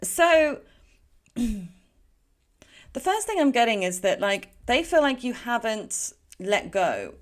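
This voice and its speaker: A woman's voice: fairly high pitch, sing-song, takes it slowly, pauses often. A woman giving a casual pick-a-card tarot reading in a chatty, rambling way, with frequent fillers and self-corrections. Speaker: tarot reader.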